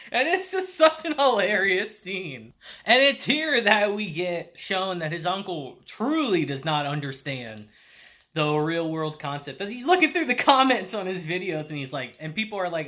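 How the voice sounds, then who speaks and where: A man's voice: high voice, very animated, moderate pace, bright, forceful tone. A man giving a casual anime review in a laid-back, slangy way. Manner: laid-back slangy delivery, laughs often.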